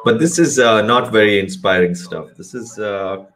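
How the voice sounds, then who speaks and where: A man's voice: on the low side, normal speed, a bit bright. A man giving a live cricket commentary hangout, rambling with joking asides and correcting himself mid-sentence.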